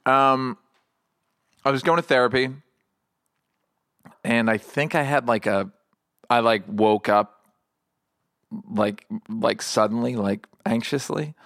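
A middle-aged man, a comedian talking candidly in an interview, rambling and halting with self-deprecating asides. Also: medium pitch, gravelly, fairly bright tone, no room sound, clean studio sound.

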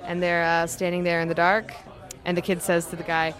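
A woman, a guest author, telling a joke and acting out the quoted lines in a higher, louder voice. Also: completely flat delivery, fairly quick, a crowd in the background.

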